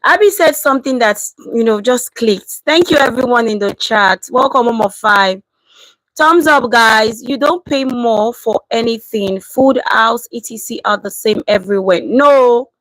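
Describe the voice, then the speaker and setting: A woman's voice: a little high, measured pace, dry recording, low-quality recording. A woman in her thirties from Nigeria, with a Nigerian accent, chatting casually on a live stream, reading out comments and slipping into Pidgin. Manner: animated, switches into Nigerian Pidgin.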